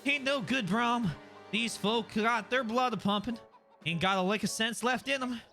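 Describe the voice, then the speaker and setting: A man's voice: very high voice, moderate pace, vocal fry, bright, forceful tone, faint music behind, pitched above the performer's own voice, exaggerated voice. A man voicing a feisty young farm girl soldier with an American Southern accent. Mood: scolding. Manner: scolding, folksy.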